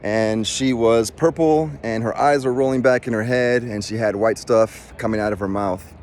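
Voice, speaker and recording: A middle-aged man recounts a personal story in a loose, rambling way, restarting sentences and acting out what people said. His voice sits at an ordinary pitch for a man. Faint street and traffic noise hums behind him outdoors. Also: fairly even intonation, normal speed, a little mellow. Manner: rambling, with many restarts and acted-out quotes. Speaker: former Marine recounting a rescue. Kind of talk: casual storytelling.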